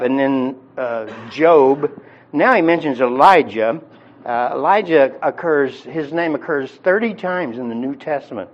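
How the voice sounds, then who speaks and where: Man preaching a Bible sermon, lo-fi. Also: mid-range voice. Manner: conversational, with frequent restarts and repeated words.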